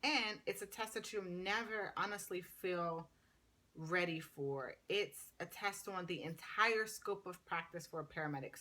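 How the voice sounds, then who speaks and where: A woman in her thirties, a paramedic student, telling a story in a casual, chatty vlog. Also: lowish voice. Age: 30s. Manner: chatty, animated retelling full of "like".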